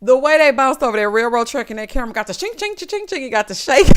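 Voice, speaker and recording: A woman's voice: sits high, very animated, fast talker, hardly any pauses, fairly bright tone, smooth. A woman giving a casual, sassy recap of a reality show, talking straight to her viewers.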